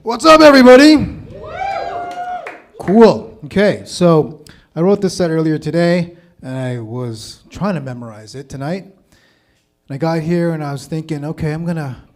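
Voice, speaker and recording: A man's voice: fairly high pitch, lively intonation, moderate pace, warm tone. A man opening his stand-up set in a casual, chatty, self-deprecating way, in a small comedy venue on a stage mic.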